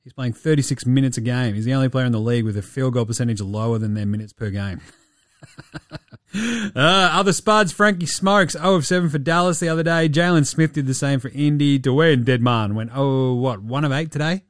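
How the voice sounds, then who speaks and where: A man with an Australian accent hosting a sports podcast, talking casually, profane and animated, often laughing. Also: medium pitch, a little fast, no room sound, clean studio sound. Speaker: podcast host. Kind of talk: sweary casual sports talk.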